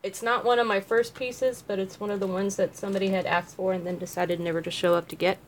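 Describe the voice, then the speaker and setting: While making jewelry at home, a woman chats casually with her livestream viewers, laughing easily, addressing them by name and answering their questions. Her mid-range voice stays fairly level in pitch and moves quickly. There's slight background noise, including a barking dog.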